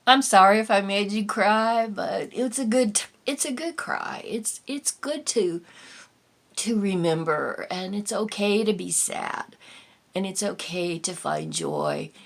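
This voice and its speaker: Slow, gravelly older woman vlogger. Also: mid-range voice, animated. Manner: gentle, tender, rambling with pauses. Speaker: vlog host. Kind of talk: reflective personal vlog.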